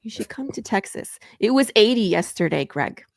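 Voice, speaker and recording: A woman from Michigan hosting a casual talk show, chatty and quick to jump between topics. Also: medium pitch, expressive, vocal fry, no room sound, studio quality. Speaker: podcast host. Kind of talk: casual chat.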